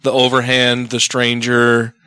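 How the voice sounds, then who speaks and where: A man co-hosting a podcast, chatting casually and reading out a blog post in an animated way. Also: mid-range voice, a little slow, clean tone, dry recording. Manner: animated, reads quotes in a mock British tone. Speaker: podcast co-host.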